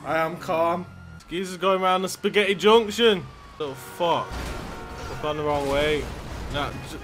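A male gaming YouTuber giving gameplay commentary, excitable and yelling and swearing at other players. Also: fairly high pitch, unhurried, soft background music.

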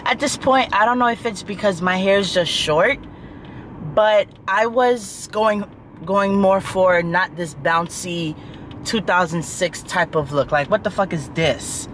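A woman's voice: mid-range voice, unhurried, a bit bright, slight background noise. A young woman vlogging from her car, venting with sighs about a bad salon visit. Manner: frustrated venting, sighing. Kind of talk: casual vlog talk to camera.

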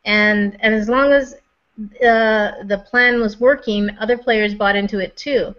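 Woman with a high voice, chatty co-host. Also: steady tone, unhurried. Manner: talks in long questions full of restarts and fillers. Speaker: podcast co-host. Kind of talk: casual panel discussion. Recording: dull lo-fi recording.

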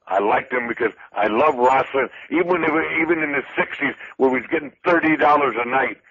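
An older man, a retired wrestler, spinning loud, boastful, folksy stories as a guest in an interview. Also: medium pitch, brisk, slightly rough, muffled recording. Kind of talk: interview storytelling.

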